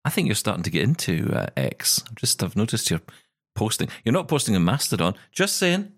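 Lively teasing man co-hosting a podcast. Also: fairly low pitch, no room sound, clean studio sound. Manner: teasing, quick banter. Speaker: podcast co-host. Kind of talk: casual chat.

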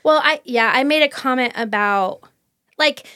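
Woman co-host, chatty and animated, bright high register, dry close sound. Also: measured pace, smooth, no room sound. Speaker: podcast co-host. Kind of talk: casual book discussion.

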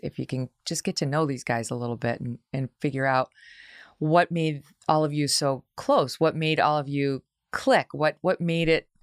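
Woman host, smooth clear voice, dry close mic, asks guest questions in an articulate way. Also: extremely low pitch, no room sound. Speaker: interview host. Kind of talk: conversational interview.

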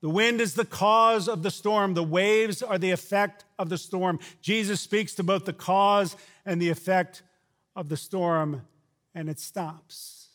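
A man preaching a sermon who shouts out quoted lines and then drops to a low, quiet delivery. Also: steady tone, unhurried. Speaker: pastor.

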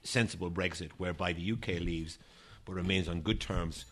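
Deep-voiced Irish ambassador, measured. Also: male voice, fairly even intonation, fairly bright tone, slightly rough. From Ireland. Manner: measured, diplomatic, with frequent ums and restarts. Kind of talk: dinner-table interview.

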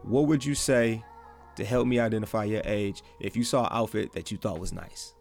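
A man with a Midwestern accent hosting a casual faith podcast, talking excitably in slang and repeating his phrases. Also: on the low side, normal speed, gravelly, faint music behind. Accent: Midwestern American. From American Midwest. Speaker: podcast host.

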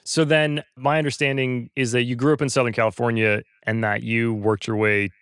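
A man's voice: medium pitch, level tone, fairly quick, a bit bright, smooth, no echo, studio quality. A man hosting an interview, asking curious, encouraging questions. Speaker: podcast host. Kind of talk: casual interview.

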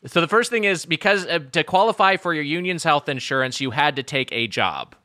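A man co-hosting a chatty podcast, teasing his partner with a wry tone. His voice is bright and animated, with a mid pitch. The recording is dry and close. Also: fairly quick, no room sound. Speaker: podcast co-host. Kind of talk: casual chat.

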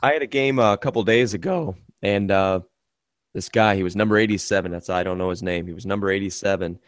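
A man's voice: deep voice, fast talker, dry recording, studio quality. A man hosting a casual sports podcast, telling rambling stories about playing goalie in a hockey league and laughing as he goes. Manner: rambling storyteller, laughs through his anecdotes.

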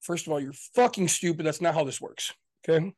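A man's voice: a little high, fairly quick, a little mellow, no room sound. A man co-hosting a podcast, venting in casual chat with frequent swearing and acted-out quotes of his family. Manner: venting, profane, exasperated; acts out quoted exchanges. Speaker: podcast co-host.

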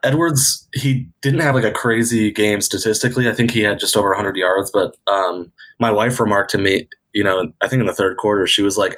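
Male co-host, lowish voice, loose and anecdotal in casual sports chat. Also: fairly even intonation, normal speed, a bit bright, rough recording. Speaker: podcast co-host.

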